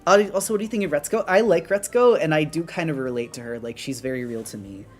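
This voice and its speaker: This is a streamer chatting casually while drawing, rambling and restarting often. The voice sits in a middle pitch. Soft music plays faintly behind. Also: fast talker. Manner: rambling, many fillers and restarts. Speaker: art streamer. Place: apartment on an upper floor.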